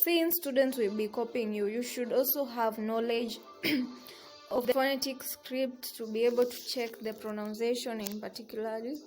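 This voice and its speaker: A woman lecturer reading a recorded lesson in a measured way, listing examples one by one with small restarts. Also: fairly high pitch, darkish tone, rough recording.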